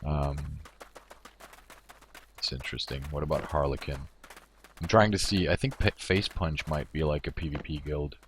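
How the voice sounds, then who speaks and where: A man's voice: very deep voice, normal speed, long pauses, a little hiss or hum. A male game streamer giving casual commentary. He rambles and thinks aloud, often amused at himself.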